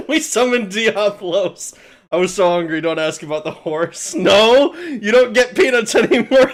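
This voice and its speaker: A man chats loosely with his stream audience, his voice sitting a little higher than most men's. He gets excitable, trips over his words, curses freely and breaks into laughter constantly. It sounds close and direct, as if he is speaking into a desk microphone. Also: measured pace. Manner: excitable, swears, stammers and laughs often. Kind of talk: casual livestream chat.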